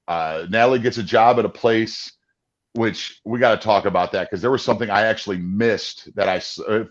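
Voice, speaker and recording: A man's voice: lowish voice, highs cut off. A man co-hosting a casual movie discussion, rambling and restarting as he chuckles between points. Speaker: podcast co-host and voice-over performer.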